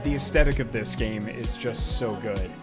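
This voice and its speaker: A man from New York with a New York accent, excitedly commenting and swearing while streaming a game and reading chat aloud. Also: fairly low pitch, moderate pace, loud music behind the voice. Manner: excitable, swears, reads lines aloud in put-on voices. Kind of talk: casual let's-play commentary.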